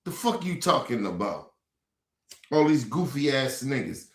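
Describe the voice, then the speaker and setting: A man ranting angrily and profanely on a livestream, repeating himself and breaking into shouts. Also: mid-range voice, big pitch swings, a little slow. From Baltimore. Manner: angry, profane, repetitive, shouting bursts. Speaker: streamer. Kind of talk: heated livestream rant. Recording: roomy echo.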